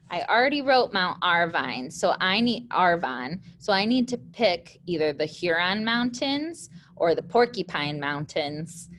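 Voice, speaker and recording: A woman's voice: fairly low pitch, fairly bright tone, slight background noise. A young woman, teaching a recorded lesson patiently, step by step.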